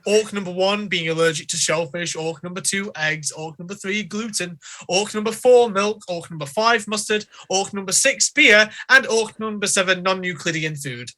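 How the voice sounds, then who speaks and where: A man narrating a tabletop game as game master, telling the scene slowly and deliberately and laughing often. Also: high voice, bright, forceful tone.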